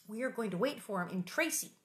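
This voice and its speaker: A stern, careful pioneer mother, as a woman reader puts her on, giving firm instructions in a storybook. Her lively, swinging intonation keeps each order clear. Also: mid-range voice, quick pace, natural voice. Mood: calm.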